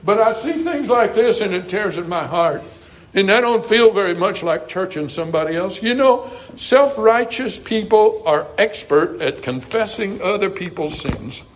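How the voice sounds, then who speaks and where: High-voiced earnest preacher man. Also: lively intonation, normal speed. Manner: earnest, folksy, swings from loud emphasis to hushed asides. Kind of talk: sermon.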